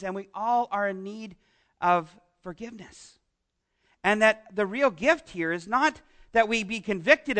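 A Canadian pastor preaches a loose, conversational sermon, his voice very high for a man, bright and forceful. He's chatty and jokes with the congregation, often backing up to restart sentences and drifting into friendly asides.

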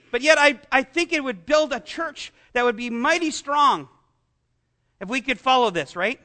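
A man's voice: extremely high pitch, sing-song, fairly quick, sharp tone. A man preaching a sermon as pastor, asking the congregation rhetorical questions and making self-deprecating asides.

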